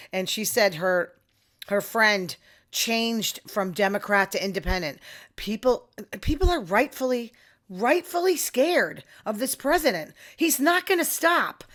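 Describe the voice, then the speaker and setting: A woman's voice: a little high, a bit bright. Chatty, sarcastic New woman. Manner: chatty, sarcastic asides, quoting others in voices. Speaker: podcast host. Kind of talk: casual opinion monologue.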